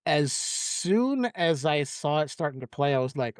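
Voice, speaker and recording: A man's voice: on the high side, big pitch swings, measured pace, clean tone, no echo, studio quality. A man on a podcast retelling movie scenes in a casual chat, acting out quotes and laughing often. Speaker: podcast host.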